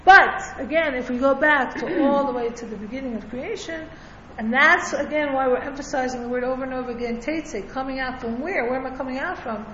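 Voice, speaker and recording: High-voiced woman teaching in an echoey room. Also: a little fast, fairly bright tone, highs cut off, slight background noise. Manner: conversational, checks in with frequent "right?". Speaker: Torah teacher. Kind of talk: religious class lecture.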